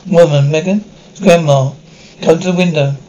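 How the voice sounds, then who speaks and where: A man's voice: fairly high pitch, fairly even intonation, moderate pace, dark tone, a little hiss or hum, close to an everyday voice, rough recording. A man reading the lines of an eerie old grandmother who coaxes a child to the window, wheedling and pleading. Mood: coaxing.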